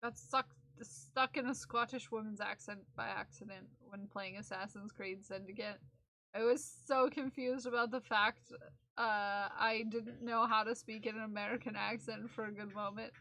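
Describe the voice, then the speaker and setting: A woman's voice: medium pitch, fairly even intonation, moderate pace, sharp tone. A woman streamer chatting casually with her viewers while she knits, tired and self-deprecating. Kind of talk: casual live-stream chat while knitting.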